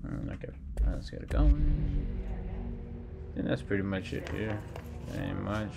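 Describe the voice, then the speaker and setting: A man giving casual let's-play commentary, playfully teasing enemies and breaking into high whoops. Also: measured pace, gravelly, very noisy. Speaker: gameplay streamer.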